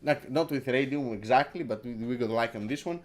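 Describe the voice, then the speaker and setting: A man's voice: medium pitch, fairly quick. A man hosting a casual crypto livestream who rambles, repeats his words, swears and laughs a lot, from Greece. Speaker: crypto stream host.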